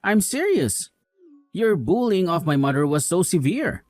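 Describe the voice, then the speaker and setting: A man's voice: high voice, very animated, a little slow, no echo, faint music behind. A man voicing a young husband who scolds his wife with contempt and sides with his mother in a voiced drama story. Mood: scolding.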